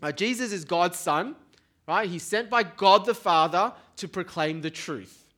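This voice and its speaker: Bright-voiced preacher. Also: male voice, high-pitched, unhurried. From Australia. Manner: informal, keeps checking in with "right?". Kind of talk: conversational sermon.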